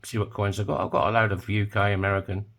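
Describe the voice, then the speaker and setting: A man's voice: lowish voice, flat delivery, fast, vocal fry, a bit bright. A man talking casually while making a coin ring in his workshop, full of joking, rambling asides. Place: home workshop.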